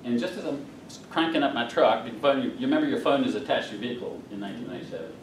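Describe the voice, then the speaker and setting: This is a storytelling speech by a middle-aged North Carolina man, a guest at a club meeting, who spins folksy, funny tales and chuckles as he hits each punchline. His mid-range voice races along. There's slight background noise, and the distant mic makes the meeting hall sound roomy.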